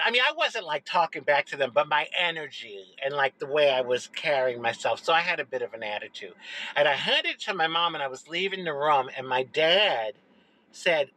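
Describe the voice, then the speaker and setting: A woman around sixty telling a personal childhood story to camera, expressive, dropping low for emphasis. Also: rough recording. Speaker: social media storyteller.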